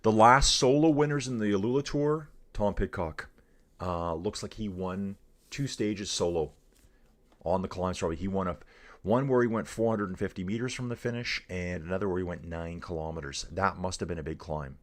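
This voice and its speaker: Speaking at normal speed, a deep-voiced, middle-aged man casually commentates a live bike race with easygoing energy. He keeps referring to his viewers as dudes and guys.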